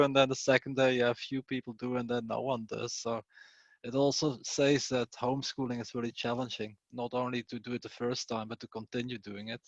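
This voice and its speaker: A man talking in a relaxed, reflective way as a panelist in an online meetup. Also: mid-range voice, a little fast, no room sound, dull audio. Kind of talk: casual online meetup discussion. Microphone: video call.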